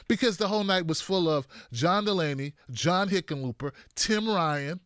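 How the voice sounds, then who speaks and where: A man hosting an online political commentary show, animated and mocking as he runs down debate performances. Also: high-pitched, brisk, no echo, clean studio sound.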